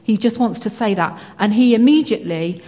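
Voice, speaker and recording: A woman's voice: on the high side, a little fast, dark tone. A woman telling a personal faith story in a chatty way, with lots of fillers and restarts. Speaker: Christian speaker. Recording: hall with long reverb.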